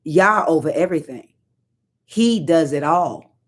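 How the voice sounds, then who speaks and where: A woman leading an informal sermon. She speaks emphatically and conversationally, repeating key lines slowly. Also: sits low, expressive. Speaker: prayer leader.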